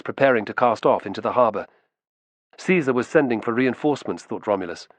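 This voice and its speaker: A man narrating a historical novel in an expressive storytelling style. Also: mid-range voice, no echo. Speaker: audiobook narrator. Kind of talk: scripted narration.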